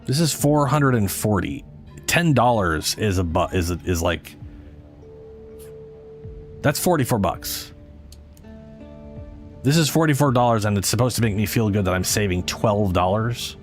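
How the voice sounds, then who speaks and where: Male streamer, lower voice, swears freely, rambling gaming commentary. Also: expressive, unhurried, long pauses, soft background music. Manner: profane, ranting, self-correcting. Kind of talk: casual gameplay commentary.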